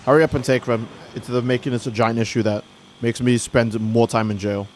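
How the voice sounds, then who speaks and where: A man's voice: medium pitch, steady tone, brisk, a little hiss or hum. A man streaming a game, rambling in casual, profane commentary and acting out little skits of people. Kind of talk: casual let's-play commentary.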